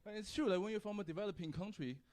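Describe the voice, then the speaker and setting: A man's voice: sits high, rapid-fire, a little mellow, some chatter behind, slight background noise. Wry young man doing stand-up. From China. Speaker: stand-up comedian. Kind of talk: stand-up comedy set. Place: comedy club with live audience.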